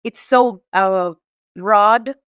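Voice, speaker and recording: Woman from Mexico, interview guest, heartfelt and tearful, smooth voice, dry close sound. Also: medium pitch, very slow, a bit bright, no room sound. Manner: heartfelt, tearful, many restarts and fillers. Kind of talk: emotional conversational interview.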